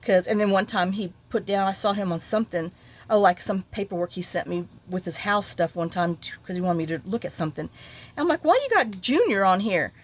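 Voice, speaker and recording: A woman's voice: fairly low pitch, fairly quick. Chatty middle-aged woman. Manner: rambling, lively retelling with frequent asides. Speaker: crafting vlogger. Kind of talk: chatty storytelling while crafting. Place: home craft desk.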